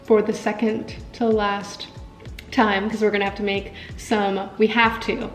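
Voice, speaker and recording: A young woman talks her way through a day of cooking and eating, upbeat and loose, with plenty of filler words. Her voice sits at a middling pitch and carries a roomy kitchen echo. Soft music plays faintly underneath. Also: level tone, measured pace. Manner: chatty, upbeat, lots of fillers like "like". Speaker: food vlogger. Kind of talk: casual vlog narration while cooking and eating.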